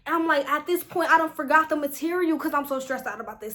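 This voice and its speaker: High-voiced young woman telling a story. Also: quick pace, hardly any pauses. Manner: animated, exasperated, slangy storytelling. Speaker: vlogger. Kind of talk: casual storytime.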